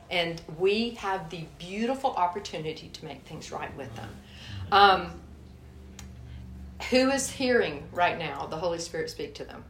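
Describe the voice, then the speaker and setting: A woman's voice: lowish voice, slight background noise. Woman preaching in an echoey hall. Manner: lively, acts out her own anger in stories. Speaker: guest speaker. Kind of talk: sermon with personal storytelling. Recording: echoey room.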